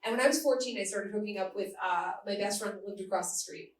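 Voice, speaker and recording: A woman's voice: mid-range voice, fast talker, far from the mic, slight background noise. A woman from the Boston area doing candid, self-mocking stand-up comedy on a club stage, laughing often. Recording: roomy live club, heard from afar.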